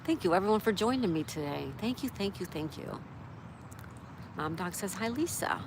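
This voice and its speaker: Out by a town road, a woman looks after her dog during a live stream, chatting casually and reading viewers' messages out loud. She speaks at medium pitch and normal speed with an expressive delivery, and traffic and street noise are clearly audible.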